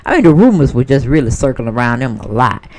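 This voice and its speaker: A woman giving a casual celebrity gossip monologue, sassy and animated, acting out what other people might have said. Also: extremely low pitch, quick pace. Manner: sassy, animated storyteller who acts out other people's voices.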